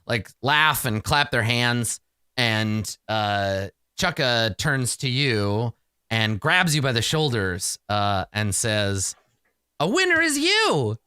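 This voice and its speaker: Bright, crisp-voiced male game master. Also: on the low side, slow pace, no echo, studio quality. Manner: animated, rambling with restarts. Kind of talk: narrating a tabletop game.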